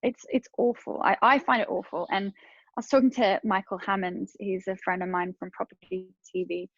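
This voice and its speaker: A woman talking as a podcast guest, giving earnest and animated advice in a casual interview. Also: mid-range voice, moderate pace, gravelly, breathy edge, no echo, dull audio.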